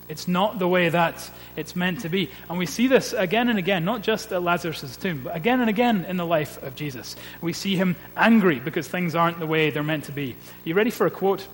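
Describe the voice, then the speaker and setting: A male pastor preaching a sermon in an earnest, measured way, building points with repeated refrains. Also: fairly high pitch. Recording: long reverb with faint hum.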